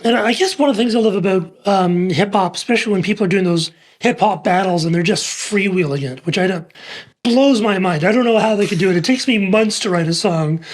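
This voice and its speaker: A male co-host and songwriter with a fairly high voice. He talks in a rambling, playful way, circling his questions with fillers before landing them. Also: a little fast. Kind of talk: conversational interview.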